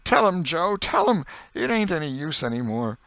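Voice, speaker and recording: A frightened accused man , acted by a male narrator, sobs and begs in a cracking, high-pitched voice. Each plea comes out strained and loud, tipping into wails. The audiobook read is close and dry. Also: sing-song, unhurried, no echo, heavily acted. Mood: sobbing plea. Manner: sobbing, pleading, high strained cries. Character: terrified, sobbing accused man, pleading.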